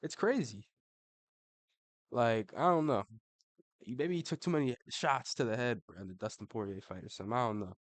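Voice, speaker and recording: A man's voice: mid-range voice, fast talker, no room sound. A young adult man giving casual ranking commentary, slangy and profane, saying "bro" after nearly every line. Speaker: MMA commentator.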